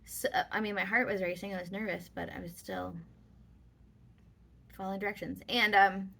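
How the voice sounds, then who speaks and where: A woman's voice: medium pitch, steady tone, moderate pace, creaky, bright, forceful tone. A woman vlogger telling a personal story in casual, rambling talk with many fillers.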